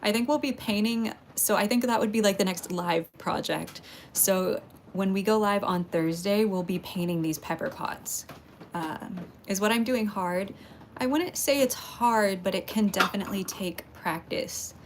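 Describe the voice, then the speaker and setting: A woman's voice: mid-range voice, unhurried, a little hiss or hum. Chatty woman on a livestream. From Texas. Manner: chatty, greets viewers by name, laughs often. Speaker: pottery livestream host. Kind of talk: casual livestream chat with viewers.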